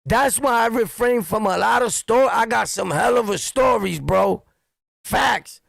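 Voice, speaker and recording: A middle-aged man with a New York accent holds forth in a blunt, profane street-talk monologue. His voice sits high for a man and has a gravelly edge. The sound is dry and close. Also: a little slow, no room sound. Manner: blunt, profane, animated storytelling. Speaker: streamer and commentator.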